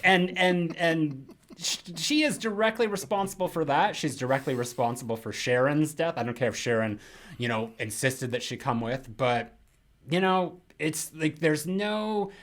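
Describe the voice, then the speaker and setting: A young man co-hosting a casual film podcast, rambling and animated, mocking characters in quick put-on quotes. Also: on the high side. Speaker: podcast co-host.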